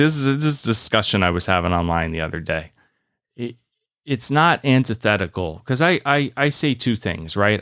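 A low-pitched man holds forth in a loose, rambling podcast monologue, swearing freely and leaning on "you know" and "like." His voice is smooth and resonant, recorded dry and close with no room sound. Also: fairly bright tone, dry recording. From United States. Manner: laughs easily at his own jokes. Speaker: podcast host. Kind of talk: casual monologue.

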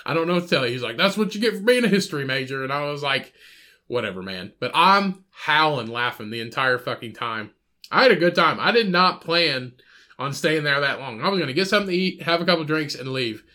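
High-voiced man telling a rowdy bar story. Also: expressive, a little fast, bright, forceful tone. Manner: profane, rambling, acts out other people's voices. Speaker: podcast host. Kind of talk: casual storytelling chat.

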